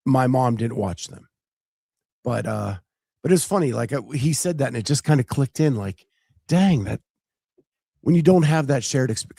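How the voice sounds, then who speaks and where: A man co-hosting a podcast in casual chat, with a smooth voice, telling stories and quoting movie lines. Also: medium pitch, a little mellow, no echo, studio quality. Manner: chatty storyteller, quotes movie lines. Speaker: podcast co-host.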